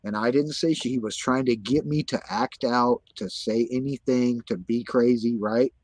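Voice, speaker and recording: A man's voice: mid-range voice, fairly even intonation, normal speed, a little mellow, no room sound. A man telling his story in casual conversation, agitated and profane, insisting on the same points again and again.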